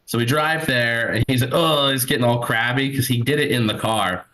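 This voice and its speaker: A man's voice: medium pitch, moderate pace, fairly bright tone, low-quality recording. A man in his thirties doing a stand-up set from home over a video call, telling rambling, self-mocking stories with lots of fillers. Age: 30s. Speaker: stand-up comedian. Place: home, at a computer. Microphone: computer mic on a video call.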